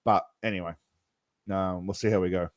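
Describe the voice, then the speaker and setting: A man's voice: low voice, steady tone, normal speed, no room sound. A man, casually commenting on a live stream and talking straight to his chat in a rambling way. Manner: rambling, chatty, talks to chat directly. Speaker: streamer reacting to videos.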